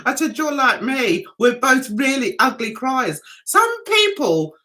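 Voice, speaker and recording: A woman's voice: high-pitched, big pitch swings, a little slow, bright, forceful tone. A middle-aged woman hosting a casual livestream, reading out comments, chatting to viewers and laughing often. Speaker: livestream host.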